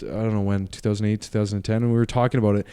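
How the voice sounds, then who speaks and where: Young male comic from Canada, casual, animated storyteller, swears a lot. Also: on the low side, very fast, smooth. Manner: animated, swears freely, laughs often. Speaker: guest comedian.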